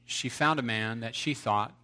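A man's voice: medium pitch, normal speed, sharp tone. A man preaching an earnest sermon, telling a story to his congregation.

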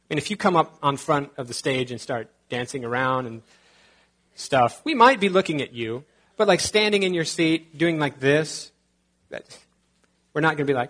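A man's voice: medium pitch, a bit bright. A man preaching a sermon as pastor, conversational with joking asides and quotes from scripture.

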